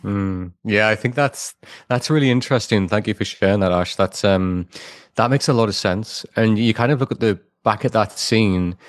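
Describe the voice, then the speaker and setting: English-accented man, podcast co-host, lowish voice, enthusiastic casual analysis. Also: moderate pace, no room sound, clean studio sound. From England. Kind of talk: casual chat analysing a show.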